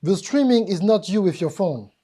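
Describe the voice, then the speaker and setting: A woman's voice: mid-range voice, expressive, normal speed, mellow. A woman with a French accent giving a live seminar talk on business, emphatic and joking as she addresses the audience directly. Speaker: business speaker.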